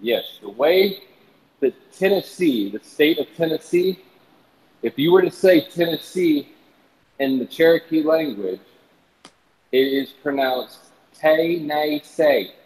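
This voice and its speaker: A man's voice: a little high, animated, a little slow, long pauses, a little mellow, rough recording. A man chatting casually on a stream, lecturing his friends with a teasing edge. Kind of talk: casual chat.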